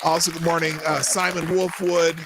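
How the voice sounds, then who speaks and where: A man's voice: on the high side, normal speed, background noise. A man hosting a live stream, rambling casually and laughing as he greets viewers by name. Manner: animated, rambling, laughs often. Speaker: host of a live stream show.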